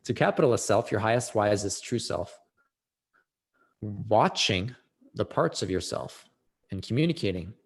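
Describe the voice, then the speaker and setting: A man's voice: lowish voice, animated, unhurried, pauses often, breathy edge. A man speaking as a podcast guest, explaining emotional healing in an earnest, explanatory way, rising sharply for emphasis. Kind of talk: reflective conversation on emotional healing.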